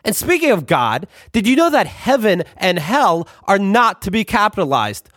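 A man's voice: high voice, sing-song, normal speed, a bit bright, dry recording, clean studio sound. A man reading his own book aloud in a sarcastic, ranting, profane way, throwing in asides to the listener.

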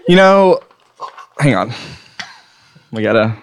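A man's voice: medium pitch, big pitch swings, slow pace, a little hiss or hum. A man hosting a comedy podcast, joking and laughing through bits. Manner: goofy, laughing, joke-telling. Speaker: podcast host.

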